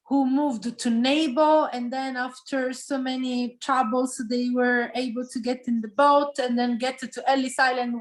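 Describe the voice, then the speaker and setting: Italian-accented woman, slightly high voice. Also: rough recording. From Sicily. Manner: translates back and forth, many fillers. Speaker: host and interpreter. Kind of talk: casual video-call meeting.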